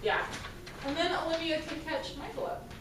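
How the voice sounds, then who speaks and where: A woman's voice: high voice, expressive, moderate pace. A woman teaching a school band rehearsal, encouraging her students and counting them off. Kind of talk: classroom rehearsal instruction. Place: echoey band room. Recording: echoey room, far from mic, noisy.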